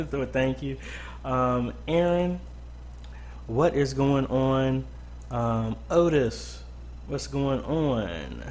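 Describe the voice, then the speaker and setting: A man's voice: mid-range voice, animated, drawn-out words, pauses often, a little mellow, slight background noise. A man hosting a casual weekly live-stream Q&A from a home studio, greeting viewers by name with lots of ums. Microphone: boom-arm mic close up.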